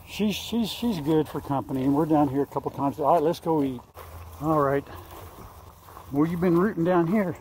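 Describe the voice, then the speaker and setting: An older man with a slightly high voice chats casually through an outdoor farm vlog, rambling and fondly coaxing his animals. Faint insects and crickets sound in the background, along with a little hiss or hum.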